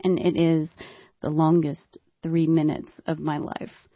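A woman telling a personal story in a monologue, with wry, dry humor and dramatic hushed drops. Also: deep voice, little pitch movement, measured pace, no room sound, dull audio.

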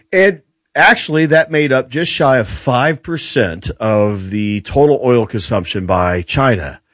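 A man appearing as a guest on a talk show, explaining military and global matters in a lively, animated way with frequent restarts. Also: mid-range voice, dry recording.

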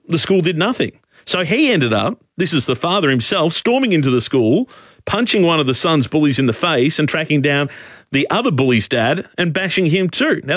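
Forceful Australian male talkback host. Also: fairly high pitch, no echo, studio quality. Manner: forceful, emphatic, repeats points. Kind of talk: opinionated talkback radio. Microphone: studio microphone.

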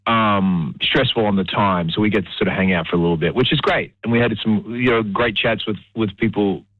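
A man's voice: lowish voice, fairly quick, dry recording, phone-quality sound. A man who is a guest singer, hesitant and full of fillers, with dry humor in a radio interview.

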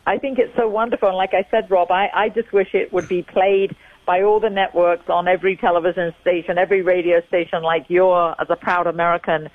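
An older woman from England, a guest in an interview, telling stories with animated, emphatic repetition over a dull lo-fi line. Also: fairly low pitch, a little fast, no room sound. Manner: animated storyteller, emphatic repeating. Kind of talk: phone-in interview chat.

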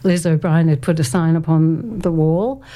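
Mellow woman in her sixties. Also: sits low, moderate pace. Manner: thoughtful and hesitant, reads quotes aloud, laughs often. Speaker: interview guest, former community radio volunteer. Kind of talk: reminiscing interview talk.

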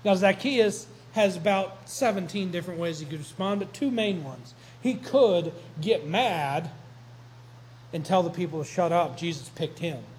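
Male pastor, relaxed storytelling sermon delivery, unhurried, pitched a bit high. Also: slight background noise, rough recording. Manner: conversational, joking storyteller.

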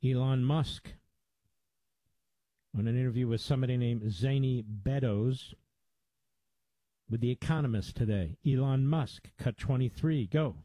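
A man's voice: mid-range voice, measured pace, long pauses, warm tone, no room sound, rough recording. A male radio host delivering emphatic, indignant talk radio commentary with lots of repetition.

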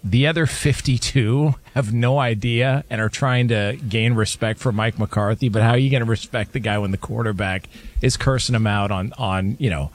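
A man's voice: medium pitch, fairly even intonation, moderate pace. A man hosting a sports radio show, telling a family story with lots of laughter in casual banter.

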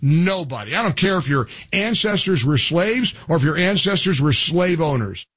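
A man's voice: on the high side, animated, moderate pace, fairly bright tone, breathy edge, dry recording. A man hosting a talk radio show, giving emphatic opinionated commentary and taking calls. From Irish family heritage. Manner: emphatic, opinionated, laughs at callers. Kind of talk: talk radio commentary and host-read ads.

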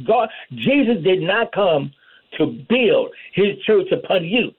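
A man's voice: high-pitched, animated, slow, husky. A man preaching a fervent sermon, calling out amen and hallelujah as he goes. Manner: call-and-response preaching, repeats amen and hallelujah. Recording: tinny phone-line radio broadcast.

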